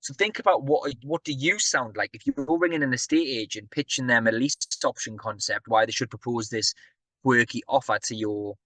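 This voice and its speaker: A man's voice: medium pitch, normal speed, pushed and bright. A man delivering a motivational business talk in a mid-range voice. He speaks energetically and chattily, often asking the audience questions. The sound is dry and close, with little room echo.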